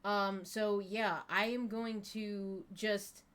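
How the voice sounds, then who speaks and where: A woman's voice: mid-range voice, fairly even intonation, slow pace, a bit bright. A woman playing a tabletop game, describing her character's moves in a thoughtful, hesitant way. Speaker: player.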